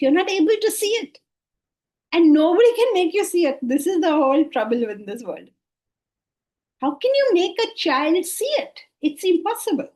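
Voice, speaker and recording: Middle-aged woman, lecture-hall teacher, mellow tone, animated and questioning. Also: sits high. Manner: animated, questioning, shifts between soft and emphatic. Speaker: Vedanta teacher. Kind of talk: scripture class lecture. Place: classroom with listeners.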